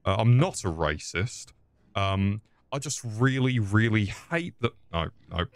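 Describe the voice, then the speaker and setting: A man's voice: on the low side, animated, unhurried, no room sound. Foul-mouthed male game streamer. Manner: crude, swearing, jokey. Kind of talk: casual gaming commentary.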